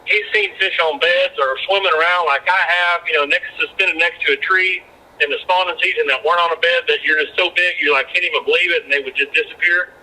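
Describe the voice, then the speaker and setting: A former fishing guide talks as a guest on a podcast. He tells rambling stories full of restarts and repeated words. His voice is very bright and sits a little high for a man. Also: fairly even intonation, fast talker, low-quality recording. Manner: rambling anecdotes with many restarts. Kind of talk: casual storytelling chat.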